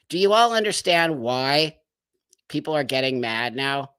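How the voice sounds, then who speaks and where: A man's voice: medium pitch, expressive, measured pace, a bit bright, smooth, no echo, studio quality. A man hosting a live stream, giving emphatic, indignant commentary with many rhetorical questions. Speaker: livestream host.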